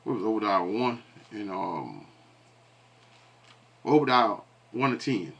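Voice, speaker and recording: Low-voiced man preaching with questions. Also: expressive, slow, gravelly, fairly bright tone. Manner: call-and-response questions, many fillers. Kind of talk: religious commentary.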